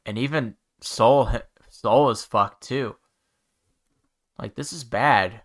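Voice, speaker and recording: A man talking to his viewers while holding back tears, halting and restarting his words, sighing often. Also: medium pitch, sharp tone, clean tone. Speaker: YouTuber. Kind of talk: emotional talk to camera.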